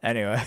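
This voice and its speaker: A man's voice: mid-range voice, fairly bright tone, slightly rough. A man streaming a visual novel, chatting casually with his viewers, rambling and laughing often. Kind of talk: casual live-stream chat while playing a visual novel.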